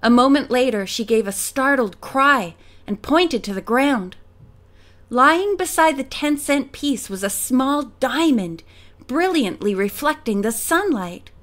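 A woman narrating a mystery audiobook in a clear, steady storytelling manner. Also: sits high, a little slow. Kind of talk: audiobook reading.

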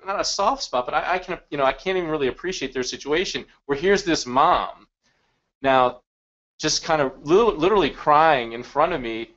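Halting middle-aged man, slightly high voice. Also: a bit bright. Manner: halting, repeats words, heartfelt. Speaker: photographer, guest co-presenter. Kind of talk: conversational storytelling. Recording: dull lo-fi recording.

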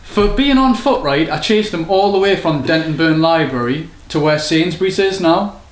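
Young man, rambling sweary storyteller, higher voice, echoey room. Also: lively intonation, normal speed. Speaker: rapper explaining his lyrics. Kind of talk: casual chat.

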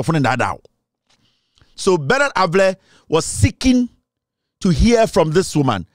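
A man's voice: fairly high pitch, dry recording, clean studio sound. A man with a Ghanaian accent delivering insistent political commentary, repeating his points and switching between English and Twi.

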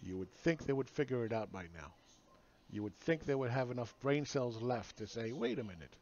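A man's voice: mid-range voice, normal speed, a little mellow, highs cut off. A man ranting sarcastically in a solo video monologue, mocking the people he argues against. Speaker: market commentator.

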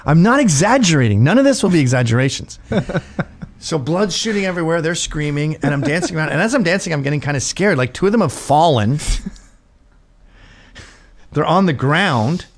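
Man, middle-aged, comic anecdote, bouncy pitch, frequent laughter, mimics voices. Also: moderate pace, pauses often. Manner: lively, laughs often, acts out voices of others. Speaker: host telling a story. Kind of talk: animated comedic storytelling.

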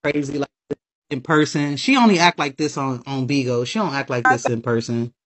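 A woman in a casual livestream chat who laughs a lot and defends herself against her partner's claims. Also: a bass voice. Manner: defensive, laughing, fast protesting.

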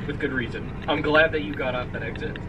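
A man's voice: a little high, quick pace. A man chatting casually with dry remarks through a phone video call. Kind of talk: casual chat. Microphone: heard through a phone video call. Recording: muffled phone call with outdoor noise.

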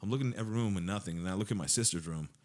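Low-voiced, fast-talking man telling stories. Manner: swearing, animated storytelling with acted-out quotes. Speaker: podcast guest. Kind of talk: casual storytelling.

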